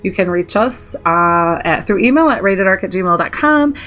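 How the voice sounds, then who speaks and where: A woman's voice: medium pitch, expressive, moderate pace, fairly bright tone, soft background music. A woman co-hosting a gaming podcast, chatting casually with a rambling, giggly manner. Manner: giggly, rambling, laughs often. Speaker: podcast co-host. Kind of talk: casual chat.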